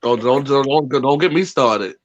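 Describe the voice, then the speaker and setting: A man's voice: mid-range voice, animated, normal speed, background noise. A man calling in from his room as a guest on a live show, tired but playful and sassy. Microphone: video call. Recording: muffled video call audio.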